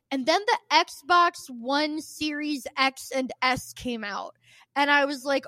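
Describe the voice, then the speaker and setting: Female podcast co-host, high voice, exasperated ranter who swears and acts out quotes; dry, close recording. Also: lively intonation, moderate pace, sharp tone, dry recording. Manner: ranting, exasperated, swears freely; acts out quoted people with shifts of voice. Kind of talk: casual podcast chat.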